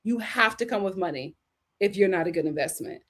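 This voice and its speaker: A woman's voice: medium pitch, lively intonation, a little fast, fairly bright tone. Sassy woman hosting a chat stream. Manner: sassy, emphatic, repeats punchlines. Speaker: host. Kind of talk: livestream commentary and chat.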